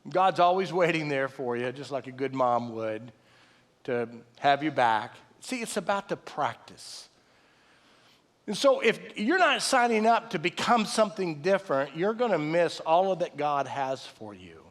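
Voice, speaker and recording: A middle-aged pastor preaching in a large church sanctuary, his voice a little high for a man. He tells stories conversationally, jumping from loud excited retellings to soft low tones. The room adds a long echo to every line. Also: a little slow. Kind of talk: sermon. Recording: long reverb of a large hall.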